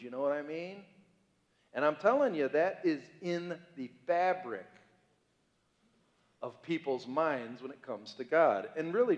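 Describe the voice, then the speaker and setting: A man preaching as a pastor, conversational and joking, full of rhetorical questions to the congregation. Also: fairly high pitch. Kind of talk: sermon. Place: church sanctuary. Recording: reverberant church hall.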